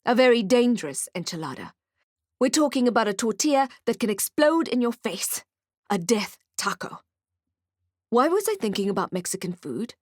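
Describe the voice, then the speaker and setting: A woman reading an audiobook in first person with wry, expressive storytelling. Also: fairly high pitch, normal speed, dry recording, clean studio sound. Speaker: audiobook narrator. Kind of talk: scripted first-person narration.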